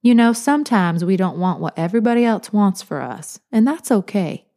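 A woman's voice: medium pitch, lively intonation, normal speed, dark tone, lightly acted. Woman doing a teasing old grandmother. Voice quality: soothing, drawling.

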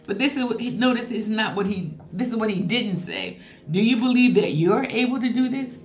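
A woman's voice: a little high, lively intonation, fairly quick. A woman preaching a sermon, reading scripture and saying hallelujah often. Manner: emphatic preaching, reads scripture, frequent hallelujahs. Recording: echoey room with faint music. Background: faint music.

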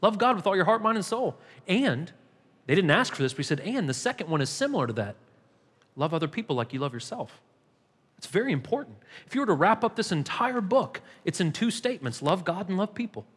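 Guy pastor preaching, high voice, keeps repeating for punch, long echo in the church. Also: sing-song, brisk, fairly bright tone, husky. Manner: emphatic, repetitive preaching with rising intensity. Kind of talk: sermon. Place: church sanctuary. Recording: long hall reverb.

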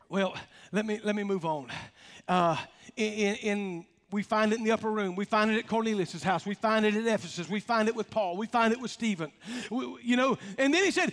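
With a high-pitched, somewhat bright voice, a male pastor preaches emphatically and folksily, joking and calling out to the people in the pews. The sound has the long reverb of a large hall.

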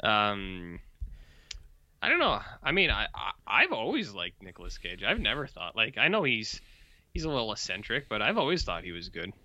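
A man co-hosting a podcast in casual chat, animated, laughing often and swearing freely. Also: on the low side, normal speed, dry recording. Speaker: podcast co-host.

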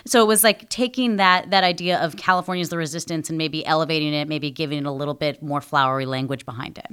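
Smooth, low-voiced woman reporter. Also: steady tone, quick pace, a bit bright. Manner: chatty, playful. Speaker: reporter, podcast co-host. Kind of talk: casual political talk.

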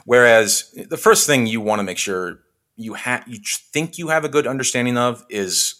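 A young man from Western Washington, a film editor, telling a story in a casual interview, full of "likes" and quick restarts, acting out the people he quotes. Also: mid-range voice. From Western Washington, USA. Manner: animated storyteller who acts out quoted exchanges; frequent likes and self-restarts.

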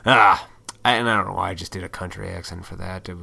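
A man's voice: deep voice, sing-song, normal speed, vocal fry, pushed and bright. A young man chatting casually on his own, a YouTuber and toy collector, rambling and swearing freely with lots of fillers, speaking into a desk mic in a small, hot home room. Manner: rambling and profane, with many fillers. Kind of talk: casual solo chat.

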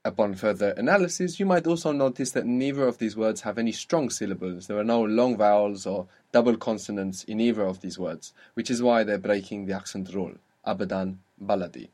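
A man teaching a language lesson, patiently drilling words and saying them slowly and clearly. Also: fairly low pitch, a little mellow.

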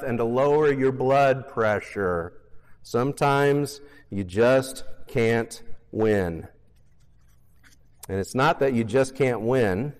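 Conversational preacher, slightly high voice. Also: male voice, big-room sound. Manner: conversational, self-deprecating humor, emphatic repetition. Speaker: pastor. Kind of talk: sermon.

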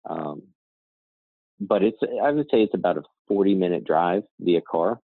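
On a dry, tinny phone-like line with no echo, a guest who co-founded and runs a nonprofit as CEO tells a story. His gravelly, low-pitched voice moves at a moderate pace, wandering conversationally with frequent "right?" and "you know" asides.

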